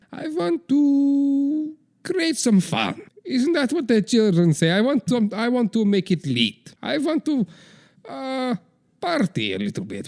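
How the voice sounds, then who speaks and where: A man's voice: very high voice, darkish tone, pitched above the performer's own voice, heavily acted. A man voicing an aging, bored strongman leader who coaxes a nervous aide with mock-sweet promises and gleeful cruelty, in a comedy sketch.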